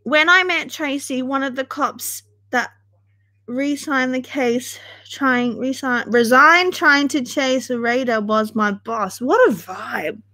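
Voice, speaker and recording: A woman's voice: high-pitched, takes it slowly, pushed and bright. A young woman hosting a casual livestream, chatting in a chatty, dramatic way and swearing freely. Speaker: livestream host.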